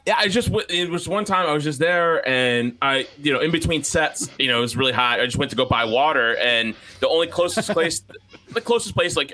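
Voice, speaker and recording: A man's voice: medium pitch, bright, forceful tone. A man on a casual podcast who tells a story in a laid-back way, chuckling and trailing off.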